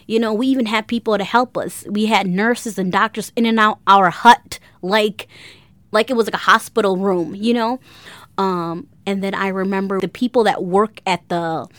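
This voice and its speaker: A young woman telling a personal story, halting often with fillers and getting emotional. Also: medium pitch, steady tone, a bit bright, dry recording. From grew up in a refugee camp.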